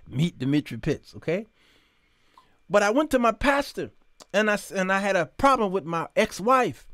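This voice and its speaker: A man hosting a live talk show, telling stories in an animated way with preacher-like emphasis. His voice sits fairly high and leaps up and down as he talks. The sound is dry and close. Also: dry recording. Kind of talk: live talk show monologue with chat shout-outs. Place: studio.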